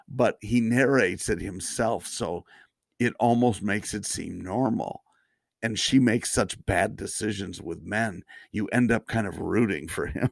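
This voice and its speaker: A low, gravelly male voice drifts through relaxed podcast chat. He stops and restarts his thoughts often and lets out the odd chuckle. The sound is close and dry, with no room around it. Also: no room sound. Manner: halting, many restarts, chuckling. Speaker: podcast co-host. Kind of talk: casual chat.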